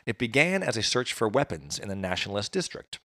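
A man's voice: fairly low pitch, sing-song, brisk, sharp tone, no room sound, clean studio sound. A man recounting history in a casual chat, with jokey asides. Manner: conversational storytelling, jokey asides. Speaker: podcast host.

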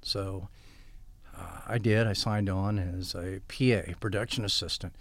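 A man's voice: sits low, steady tone, unhurried, dry recording. An older man telling long stories in an interview and acting out quoted dialogue as he goes. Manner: rambling anecdotes with quoted dialogue. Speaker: guest. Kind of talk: storytelling interview.

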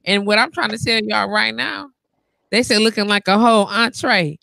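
Gravelly, bright-voiced teasing woman host. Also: medium pitch, normal speed, no room sound. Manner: teasing, loud, joking, laughing. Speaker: livestream talk show host. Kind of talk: casual live-stream banter, reading viewer comments. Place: in a bed on a live stream.

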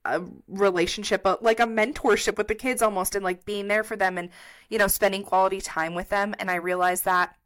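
Young female co-host, casual chat, thoughtful and supportive, mid pitch. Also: fairly even intonation, a little fast, a bit bright. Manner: supportive, reflective, many "mm-hmm"s. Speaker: podcast co-host.

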